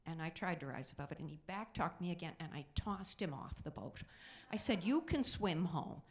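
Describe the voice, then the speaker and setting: A middle-aged woman doing a stand-up comedy set on a theater stage, chatty and self-mocking, with quick asides to the audience. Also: low voice.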